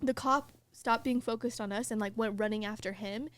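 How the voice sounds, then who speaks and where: Animated young woman telling a story. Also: a little high, a little fast. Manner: animated storyteller, heavy use of "like", laughs mid-sentence. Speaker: podcast host. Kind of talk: casual chat, storytelling.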